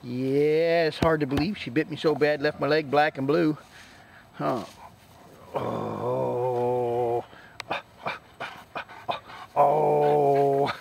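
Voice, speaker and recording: Slow, gravelly man coaxing dogs. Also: a little hiss or hum. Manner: coaxing, affectionate, jumping into high baby-talk to the dogs. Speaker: dog rescue caretaker. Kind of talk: casual talk to rescue dogs. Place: dog rescue kennel. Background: dogs barking.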